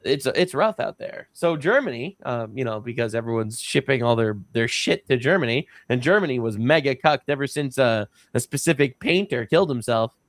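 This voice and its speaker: A man's voice: mid-range voice, lively intonation, moderate pace, few pauses, no echo. A man hosting a podcast, talking casually in a rambling, sarcastic way with many fillers. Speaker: podcast host.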